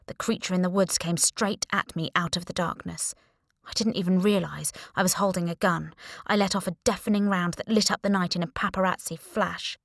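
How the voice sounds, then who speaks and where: A woman's voice: on the low side, fairly even intonation, normal speed, no room sound. A young adult woman narrating a thriller audiobook in the first person, with a dry, wry manner.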